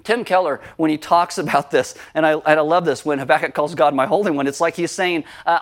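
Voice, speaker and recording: Male pastor, sermon delivery, slightly high voice, acts out quotes with lively emphasis. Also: a little fast, few pauses.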